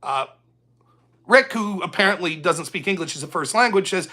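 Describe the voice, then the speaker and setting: A male talk show host rants alone into the mic in an angry, confrontational way. He curses freely and keeps turning on his listener. His voice stays bright and sharp the whole way through. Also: high voice, animated, moderate pace. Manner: talks straight at the listener. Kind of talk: solo ranting commentary.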